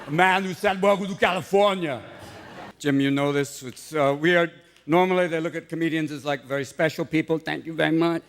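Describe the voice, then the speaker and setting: A man giving a comic award-show speech with quick asides. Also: a little high, steady tone, clear, resonant tone, long reverb tail. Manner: mock accents and quick asides. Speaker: comedian.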